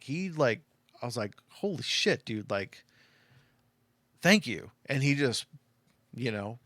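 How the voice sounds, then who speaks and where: A man's voice: mid-range voice, fairly bright tone, dry recording. A middle-aged man from Arizona telling a personal story in a casual, rambling way, choked up and full of "like" and "you know". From Arizona, USA. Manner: rambling, heartfelt, lots of "like" and "you know" fillers.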